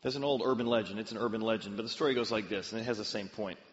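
Preaching with a low voice at a racing pace, a pastor tells stories and sometimes acts out the voices of the people in them with lively flair. The audio has a long reverb tail and cut-off highs.

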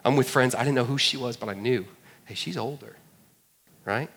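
A man's voice: medium pitch, moderate pace, creaky, fairly bright tone, breathy edge. A man, preaching a sermon and telling a funny story with jokey asides to the audience. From Georgia, USA. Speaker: pastor. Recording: long hall reverb.

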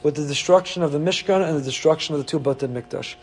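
A rabbi preaches a Torah sermon, pressing his points with rhetorical questions and lifting his voice when he feels strongly. His voice sits fairly high for a man. It has a husky, slightly breathy edge. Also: quick pace. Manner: emphatic, rhetorical questions, rising with feeling.

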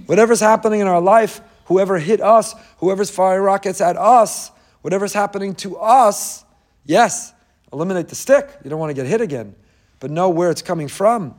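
Lively man teaching a Torah lecture. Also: high voice, normal speed. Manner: animated storyteller, rhetorical questions, mixes in Hebrew quotes. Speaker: rabbi teaching a Torah class.

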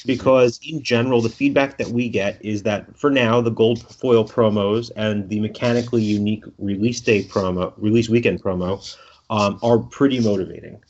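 A man's voice: fairly low pitch, fairly even intonation, moderate pace, a little mellow. A man with a Brooklyn accent, interviewed about the game he designs, thoughtful and joking, often restarting his phrases. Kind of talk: conversational interview. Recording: lo-fi audio.

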